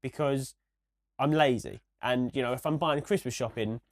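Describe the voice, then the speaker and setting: A young man talks through a casual podcast rant, circling back and restarting his sentences. His voice is a little hoarse from a cold, and its pitch sits in the middle. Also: normal speed. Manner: rambling, ranting, many restarts. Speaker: podcast co-host.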